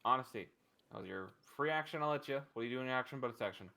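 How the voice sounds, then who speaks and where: Bright-voiced man running a tabletop game. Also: mid-range voice, expressive, racing, creaky. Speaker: dungeon master.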